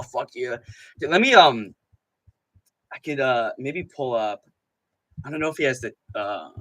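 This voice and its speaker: Excitable, profane male streamer. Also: medium pitch. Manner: excitable, profane, rambling with frequent "dude" and laughs. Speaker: MMA streamer host. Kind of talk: live stream commentary, casual rant.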